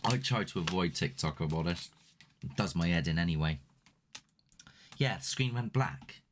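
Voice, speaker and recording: Talking to his live-stream audience on a paranormal channel, this host rambles casually, chatty and self-deprecating. His low-pitched voice is animated and moderately paced, with background noise, picked up by a desk mic beside a ring light.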